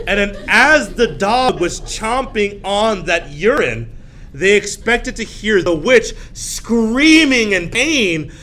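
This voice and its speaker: A male teacher giving a classroom lecture, animated, often jumping into high shrill voices to act out scenes. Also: slight background noise. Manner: animated, acts out shrill voices of frightened girls.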